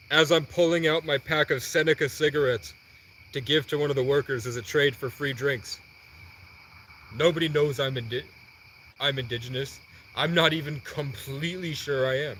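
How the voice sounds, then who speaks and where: With a little background noise, a young man whose voice is slightly high relates a long, wandering story from his own life on a livestream. He brings it to life animatedly, acting out the dialogue and rattling off what others said in quick exchanges.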